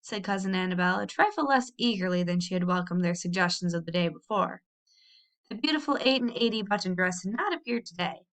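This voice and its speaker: Brief: expressive woman reader narrating a children's classic, lively storytelling. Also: lowish voice, fairly quick. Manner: expressive, animated reading with small slips. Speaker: audiobook reader. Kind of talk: reading a children's novel aloud.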